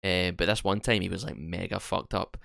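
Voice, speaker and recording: A young man spins a story on a podcast, swearing freely and acting out each voice in turn. His tone is low-pitched and smooth, and the recording is close and dry. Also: fairly quick, dry recording. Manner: animated, sweary storyteller acting out both sides of exchanges. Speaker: podcast co-host. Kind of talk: casual storytelling chat.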